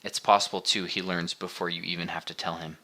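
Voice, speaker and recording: A man voicing a calm, wise counselor. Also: deep voice, fast. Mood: reassuring.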